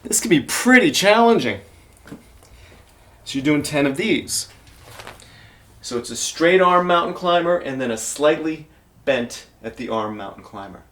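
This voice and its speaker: A male fitness trainer demonstrating exercises, encouraging beginners and counting reps aloud while getting out of breath. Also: on the high side.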